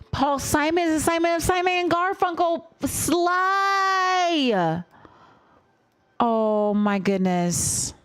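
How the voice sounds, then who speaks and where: Gushing, excitable young woman streamer. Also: sits high, no room sound. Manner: gushing, excitable, drops into awed whispers. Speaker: music reaction streamer. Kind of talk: live-stream music reaction.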